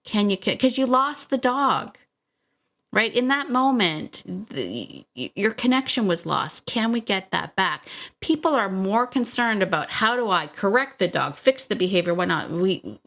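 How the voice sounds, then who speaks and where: A woman's voice: fairly low pitch, fairly bright tone. A middle-aged woman hosting a solo podcast about dog training, talking casually and directly to the listener with frequent laughs. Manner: chatty, laughs often, speaks straight to the listener.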